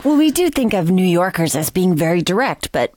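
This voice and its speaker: Curious woman interviewer, low voice. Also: sing-song, brisk, darkish tone, no room sound, studio quality. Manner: curious, prompting questions. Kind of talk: interview conversation.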